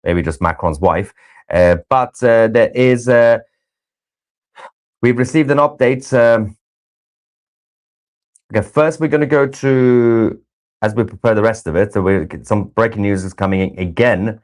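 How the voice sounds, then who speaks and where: A man's voice: fairly low pitch, a little slow, pauses often, a little mellow. A man from Iran co-hosting a live news stream, giving sarcastic, mocking commentary on clips. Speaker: livestream co-host.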